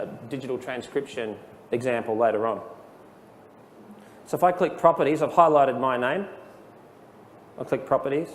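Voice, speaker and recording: A man presenting a live training session, casual and explanatory, dropping in plenty of ums. His voice sits at a middle pitch and carries a long room reverb with a faint hum behind it. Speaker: software trainer. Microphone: handheld dictation microphone.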